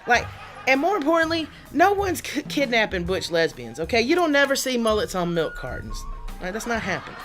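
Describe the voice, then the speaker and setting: A woman doing a stand-up comedy set in a studio, animated and chatty, laughing often through her lines. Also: on the high side, brisk, soft background music. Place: studio under lights.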